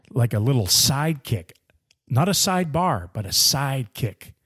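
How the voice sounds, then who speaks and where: A man co-hosting a sports podcast, chatting casually and playfully with frequent repeated words. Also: medium pitch. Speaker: podcast co-host. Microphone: studio headphones and mic.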